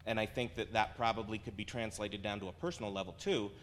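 A man speaking up from the congregation, reasoning aloud with dry sarcasm. His mid-pitched voice carries a long church reverb, with faint noise behind it. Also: steady tone, fast talker. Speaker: congregation member. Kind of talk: casual discussion.

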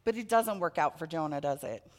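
An adult woman preacher delivers a children's sermon, telling a story with animated expression and asking the children questions. Her voice is low and a little fast.

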